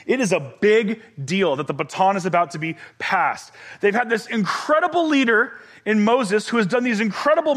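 A man in his thirties, a pastor preaching a sermon, expressive, dropping to whispers and rising to shouts for emphasis. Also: sits high.

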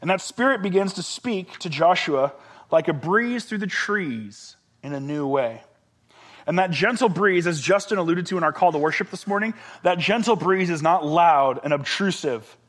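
A man in his thirties, a pastor preaching a sermon, expressive, dropping to whispers and rising to shouts for emphasis. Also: high voice, normal speed.

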